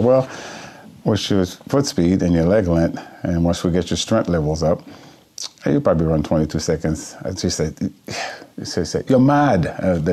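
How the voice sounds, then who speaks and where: Deep husky man, a coach telling a story. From Haiti. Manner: animated storyteller, acts out dialogue. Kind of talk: casual interview anecdote.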